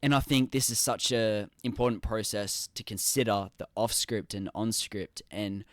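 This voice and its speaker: A man's voice: on the low side, steady tone, normal speed, no room sound. Australian male podcast host, dry close sound. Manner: enthusiastic, agreeable, frequent affirmations. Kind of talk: interview conversation.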